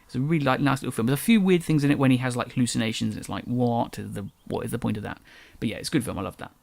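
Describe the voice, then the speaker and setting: A young English man who drops his T's chats through his solo podcast, rambling and correcting himself as he goes. His voice has a gravelly fry to it and comes quickly. The sound is dry and close, with no room around it. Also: medium pitch, dry recording. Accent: English, dropped T's. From England. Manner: rambling, self-correcting, chatty. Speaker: podcast host. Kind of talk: casual solo podcast chat.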